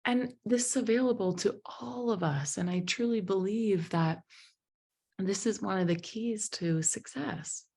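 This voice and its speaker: A woman giving a motivational talk to a group at an evening presentation, telling a personal story in an emotive, animated way. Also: medium pitch, a little slow, gravelly, slightly rough. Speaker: motivational speaker and business founder.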